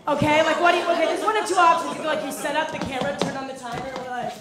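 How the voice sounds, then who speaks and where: Chatty young woman doing stand-up, high voice. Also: steady tone, rapid-fire, heavy background noise. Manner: chatty, peppered with "like", laughs at own jokes. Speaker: stand-up comedian. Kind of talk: stand-up set. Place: comedy club with live audience. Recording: echoey club with crowd. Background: audience laughter.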